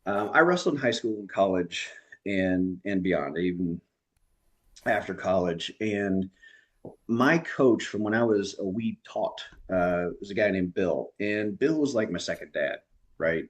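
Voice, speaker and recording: A man's voice: low-pitched, lively intonation, a little slow. A man doing stand-up comedy on a video call, telling chatty stories and laughing at his own punchlines.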